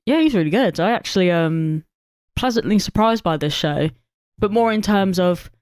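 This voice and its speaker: A young co-host, mid-pitched and animated, who swears freely and keeps restarting sentences. The voice is recorded dry and close, with no room sound. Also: normal speed, clear, resonant tone, no echo. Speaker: podcast co-host. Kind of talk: casual film chat.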